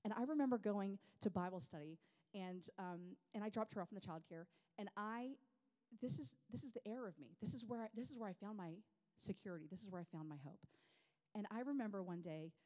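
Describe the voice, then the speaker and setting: Woman in her thirties, animated, self-deprecating, chatty, mid-pitched, speaking to a women's group. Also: fairly quick. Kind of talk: personal storytelling talk.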